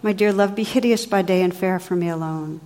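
A woman's voice: fairly low pitch, a little fast, a little mellow, big-room sound, natural voice. A woman voicing an earnest young male knight who speaks fervently in formal old-style speech, in a storybook reading. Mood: devoted.

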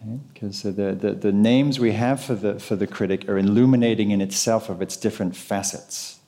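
Meditation teacher, male, low mellow voice, relaxed, questioning the room. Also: normal speed. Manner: conversational, asks the audience questions. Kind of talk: live dharma talk to an audience.

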